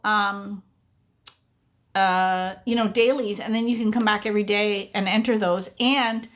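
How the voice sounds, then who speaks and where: Chatty, excitable woman streaming live. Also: a little high. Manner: chatty, excitable, animated storytelling. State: losing her voice. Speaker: sweepstakes coach and live streamer. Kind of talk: casual live-stream chat.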